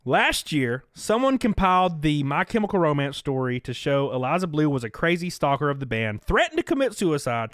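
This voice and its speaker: A man's voice: fairly high pitch, a bit bright, no echo, clean studio sound. A man hosting a casual livestream chat, talking loosely, laughing at his own jokes and reading out donations. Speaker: livestream host.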